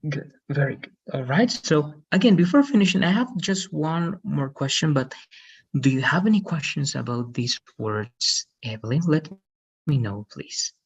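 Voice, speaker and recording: A man's voice: fairly high pitch, expressive, moderate pace, husky, highs cut off. A man teaching an online English lesson, patiently explaining and often checking with "right?". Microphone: video call.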